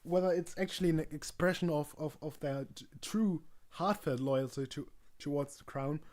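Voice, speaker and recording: Guy streaming solo, kinda high voice, lots of ums and restarts, joking around. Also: moderate pace, darkish tone. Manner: rambling, joking, frequent ums and self-corrections. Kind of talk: casual livestream monologue.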